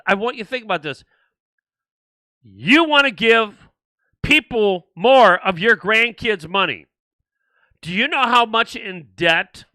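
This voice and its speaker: A man's voice: high-pitched, bright, forceful tone, no room sound. An older man hosting a political livestream, ranting indignantly and repeating himself as he restarts sentences. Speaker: host.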